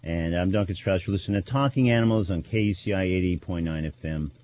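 A man's voice: low-pitched, quick pace, darkish tone, muffled recording, a little hiss or hum. A man hosting a college radio talk show, announcing with frequent hesitations and fillers. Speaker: radio host.

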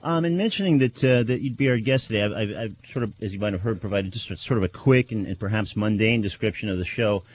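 A man's voice: on the low side, fast, hardly any pauses, lo-fi sound. A man hosting a college radio talk show, announcing with frequent hesitations and fillers. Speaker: radio host.

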